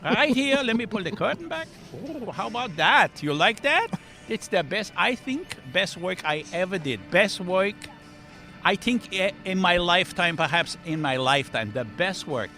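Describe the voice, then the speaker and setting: A man voicing a fussy, excitable little old costume tailor who gushes proudly over his work. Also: high-pitched, normal speed, faint music behind, pitched above the performer's own voice, exaggerated voice. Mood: proud gushing. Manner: proud, gushing, eager to please.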